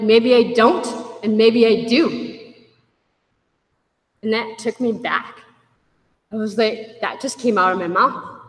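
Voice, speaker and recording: A woman giving a candid personal testimony to a group, wry at her own past and acting out the voices of others as she tells it. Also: a little high. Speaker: speaker sharing a recovery story. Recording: echoey hall.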